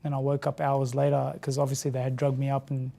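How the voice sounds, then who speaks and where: An Australian man recounting a hard personal story in an interview, in a halting, earnest way that often repeats words and restarts. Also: medium pitch, completely flat delivery, vocal fry, warm tone. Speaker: interview guest. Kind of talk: emotional personal account in an interview.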